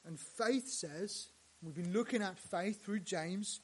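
A male pastor preaching a sermon, dropping to hushed lines and rising to loud, emphatic ones. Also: sits high, slow, husky.

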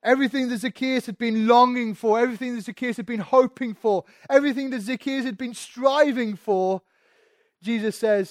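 A man preaching a sermon, repeating phrases and asking rhetorical questions, sometimes dropping to a hush and sometimes building loud. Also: very high voice, steady tone, moderate pace, dry recording.

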